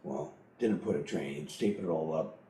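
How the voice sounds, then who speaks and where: A man's voice: rumbling low, normal speed, roomy sound, noisy background. A middle-aged man telling a personal story in a blunt, profane way, laughing often as he goes. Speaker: interviewee.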